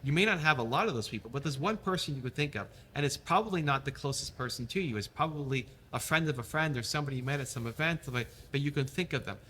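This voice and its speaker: A man's voice: mid-range voice, expressive, quick pace, hardly any pauses, pushed and bright, a little hiss or hum. A man giving upbeat motivational advice as a guest in an interview. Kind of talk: casual interview chat.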